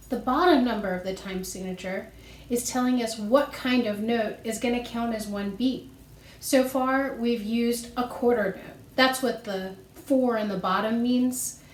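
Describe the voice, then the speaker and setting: Woman music teacher, slightly high voice, slow patient delivery for kids, echoey room. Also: slight background noise. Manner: patient, explains step by step and counts beats aloud. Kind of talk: recorded music lesson for children.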